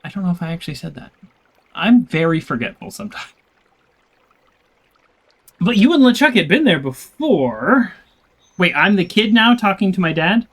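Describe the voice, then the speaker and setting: A man's voice: high-pitched, big pitch swings, normal speed, pauses often, a bit bright. A man casually commenting as he plays on a livestream. He is chatty, self-deprecating, and laughs often. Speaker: game streamer. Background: game music.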